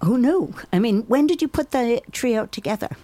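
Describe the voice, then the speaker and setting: A woman from Brooklyn hosting a casual interview, chatty and quick to laugh at herself. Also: fairly high pitch, animated, dark tone, no echo. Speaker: radio host.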